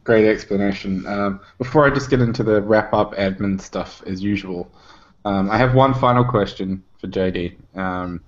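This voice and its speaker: Low-voiced man hosting over a dull call. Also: normal speed. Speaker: podcast host. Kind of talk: casual show wrap-up.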